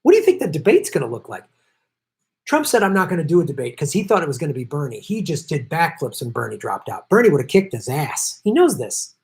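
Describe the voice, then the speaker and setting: A man's voice: a little high, wildly swooping pitch, brisk, darkish tone. A middle-aged man hosting a political commentary show, ranting angrily and emphatically, with frequent profanity and repeated lines. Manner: angry, profane, emphatic and repetitive.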